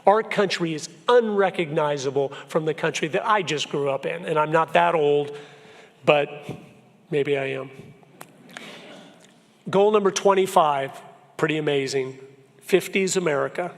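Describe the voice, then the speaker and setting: A man's voice: a little high, unhurried, gravelly, pauses often. A man in his fifties from Florida, giving an earnest, emphatic church talk full of personal stories. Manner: earnest storyteller, emphatic, shifts pace a lot. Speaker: guest speaker. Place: church sanctuary. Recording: long hall reverb.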